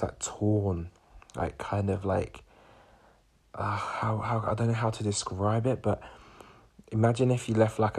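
A young man in his twenties, a podcast host, recounts a personal story in a loose, rambling way. His voice sits low and sounds gravelly and husky, and he keeps circling back with fillers and restarts. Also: a little mellow. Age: 20s.

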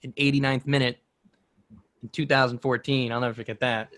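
A man's voice: medium pitch, little pitch movement, a little fast, fairly bright tone, no echo. A man in his twenties chatting casually as a podcast co-host, rambling through a personal story with many restarts. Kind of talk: casual chat.

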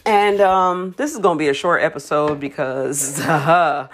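A woman's voice: low-pitched, measured pace, slight background noise. A woman hosting her solo podcast from home, giggly, losing her place, restarting and chewing as she talks. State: chewing food. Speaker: podcast host. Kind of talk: rambling solo podcast talk. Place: home, alone.

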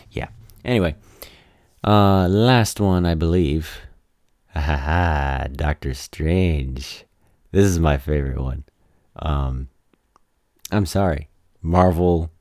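A man rambling casually as he reacts to movie trailers, halting and self-deprecating, his voice tired from talking all day. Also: extremely low pitch, warm tone, no echo, clean studio sound.

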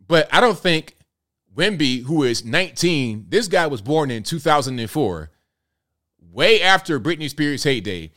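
A man's voice: fairly high pitch, big pitch swings, measured pace, a bit bright. A man in his thirties hosting a casual commentary show, chatty and incredulous as he talks through a clip. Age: 30s. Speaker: host.

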